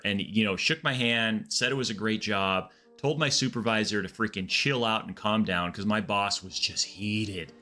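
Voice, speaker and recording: Male streamer, lowish voice, bright tone, casual rambling anecdotes, faint game music behind. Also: moderate pace, hardly any pauses. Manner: rambling, animated anecdotes with frequent restarts. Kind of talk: casual storytelling chat.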